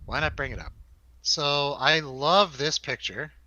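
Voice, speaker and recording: A man's voice: a little high, unhurried, pushed and bright, no room sound, dull audio. A man co-hosting a casual film review show, joking and laughing as he chats over drinks. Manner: laughs often, jokey asides to viewers.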